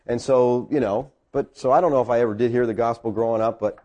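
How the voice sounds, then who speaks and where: A middle-aged man, a pastor, telling a personal story in a sermon and rising high when he gets excited. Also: fast talker, highs cut off.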